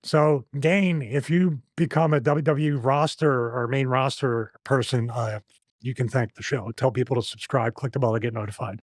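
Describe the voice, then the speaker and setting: A man's voice: mid-range voice, steady tone, moderate pace, no room sound. A middle-aged man hosting a podcast, telling anecdotes in a loose, chatty way and laughing between stories. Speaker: podcast host. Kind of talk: casual podcast chat.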